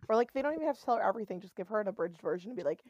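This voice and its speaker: A woman co-host in casual chat, animated and sarcastic, mockingly quoting characters. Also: mid-range voice, racing, no room sound, highs cut off. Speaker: podcast co-host.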